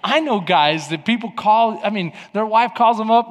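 A man preaching a sermon as pastor, telling stories lively and acting out the voices of the people in them. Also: high voice, normal speed. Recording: long hall reverb.

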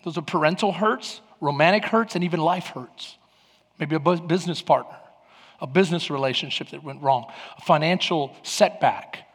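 A man preaching a sermon as pastor, animated, swinging from loud emphatic bursts to low quiet passages. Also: slightly rough. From Latin American heritage. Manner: animated, rises to near shouts then drops low. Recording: hall reverb.

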